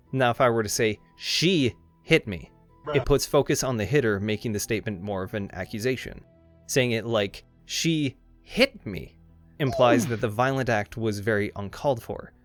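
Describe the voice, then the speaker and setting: A man with a fairly low voice narrates a comedic video essay from a script. His tone is irreverent and sarcastic, and he swears freely. Faint music plays underneath him. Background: faint background music.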